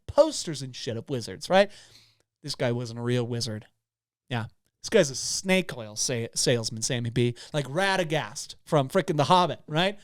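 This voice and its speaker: Man, podcast co-host, rambling comic storyteller, animated, dry studio sound. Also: fairly high pitch, dry recording. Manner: rambling animated storytelling, swings loud and soft. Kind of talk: comedic podcast banter.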